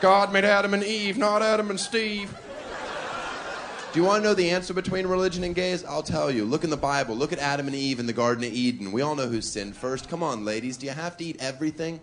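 A man with a medium-pitched voice talks fast with few pauses during a stand-up set on a club stage. Brash and provocative, he mocks his audience, and the live recording carries crowd laughter and noise.

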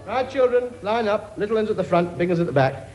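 With soft music in the background, a comic actor voices a bossy, wisecracking king who lords it over his large family in a studio comedy sketch. He sounds high-pitched, expressive and brisk, with a somewhat dark tone and a brash, cockney-style bluster.

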